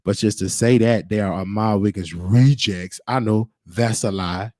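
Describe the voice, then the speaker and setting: A man's voice: lowish voice, normal speed, dark tone, no room sound. A man hosting his own show, talking in an emphatic, preachy way and repeating his points. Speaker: show host. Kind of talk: casual livestream monologue. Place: Texas.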